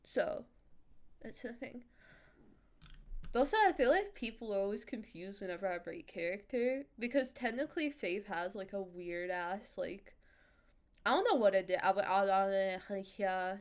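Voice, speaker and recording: A woman streamer and voice actor chatting casually with her viewers, animated, laughing often and swearing freely, using a higher character voice. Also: normal speed.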